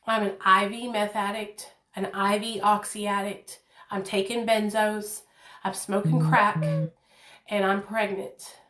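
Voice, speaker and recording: A woman's voice: mid-range voice, fairly even intonation, slow pace, a bit bright, roomy sound. A woman in her thirties telling her own life story to viewers in a candid, earnest way, talking from her kitchen at home. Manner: candid, earnest, addresses viewers as "you guys". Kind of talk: personal storytime.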